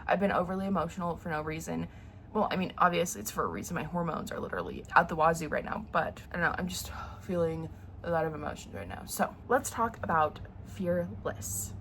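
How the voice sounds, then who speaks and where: A woman's voice: lowish voice, lively intonation, a little fast, a bit bright. Young female book vlogger, stuffy and nasal from a sore throat, rambling and emotional, faint hiss under the mic. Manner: chatty and emotional, full of fillers and restarts. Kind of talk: casual chat.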